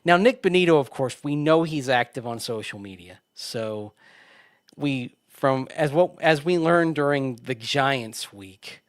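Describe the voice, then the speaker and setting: A man's voice: mid-range voice, lively intonation, measured pace, dry recording, studio quality. Chatty male sports radio host. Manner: chatty, laughs often, restarts his sentences. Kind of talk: casual sports talk.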